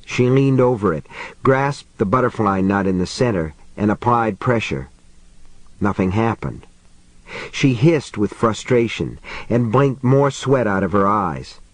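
A man reading a novel aloud as an audiobook narrator, in a low, measured delivery with quiet character voices. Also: animated, no room sound, poor audio. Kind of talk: scripted narration.

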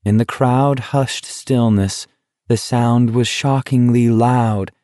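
Slow, measured male audiobook narrator. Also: mid-range voice, steady tone, mellow, no echo, clean studio sound. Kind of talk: scripted narration.

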